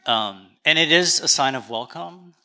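A man, a pastor with a Canadian accent, preaching a sermon in a relaxed, conversational storytelling way with touches of humor. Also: fairly high pitch, normal speed, background noise.

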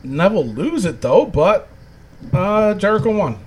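A man's voice: high voice, sing-song, a little slow, darkish tone, slightly rough. A man hosting a casual wrestling recap chat, rambling and laughing often as he talks. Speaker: podcast host.

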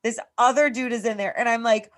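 A woman's voice: on the high side, steady tone, fairly quick. Profane woman telling a rambling story. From Massachusetts. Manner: profane, rambling, heavy use of "like". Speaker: podcast co-host. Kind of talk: casual storytelling chat.

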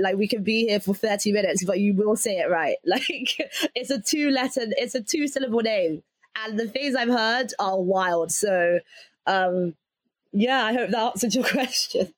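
A woman's voice: medium pitch, no room sound. A young adult woman with an English accent, talking casually as an interviewee, laughing often and leaning on fillers like "like".

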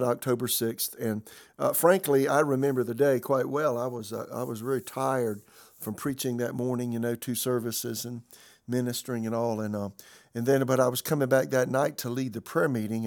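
Gravelly-voiced pastor telling a story. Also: male voice, mid-range voice, steady tone, normal speed, darkish tone. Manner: conversational storytelling with many fillers and restarts. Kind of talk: sermon-style teaching.

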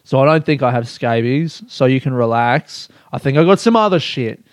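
A man's voice: medium pitch, lively intonation, normal speed, no echo, clean studio sound. Rambling, profane young man. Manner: rambling and profane, laughing at himself. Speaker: podcast host. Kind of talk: candid solo podcast monologue.

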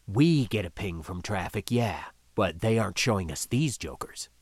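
A man doing a gruff low ship skipper. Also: expressive, moderate pace, no echo, clean studio sound. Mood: grim. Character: gruff middle-aged male ship skipper.

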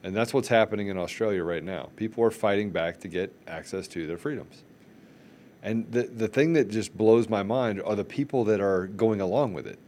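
A man with a fairly low voice holding forth on a casual political podcast. He speaks with passion, circling back and repeating phrases to drive each point home. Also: moderate pace, a little mellow, slight background noise. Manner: impassioned, repeats phrases for emphasis. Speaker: podcast co-host.

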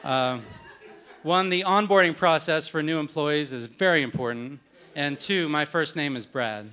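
A man's voice: fairly high pitch, measured pace, bright, forceful tone, clean tone. Wry man telling a story on stage. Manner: wry, self-deprecating, conversational. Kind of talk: live storytelling. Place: stage at a live story event.

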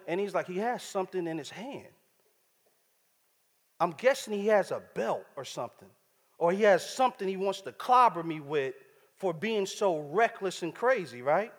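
A man preaching a sermon, using casual street slang and checking in with the congregation as he talks. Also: on the high side. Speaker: pastor. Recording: church hall reverb.

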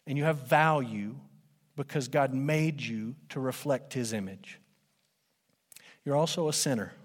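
A man preaching a sermon, emphatic, swinging between loud declarations and hushed, low lines. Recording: long hall reverb.

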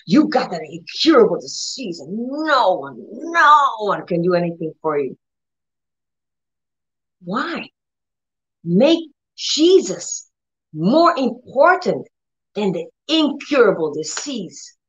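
A woman's voice: mid-range voice, very animated, slow pace, pauses often, a bit bright, muffled recording. Emphatic woman preaching divine healing. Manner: emphatic, commanding, repeats words, acts out prayers. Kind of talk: charismatic healing sermon.

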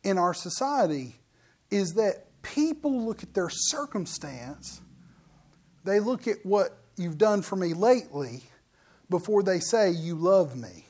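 A man's voice: high-pitched, sing-song, takes it slowly, a little mellow, breathy edge. A middle-aged man preaching a sermon as pastor, in a folksy, joking, conversational way.

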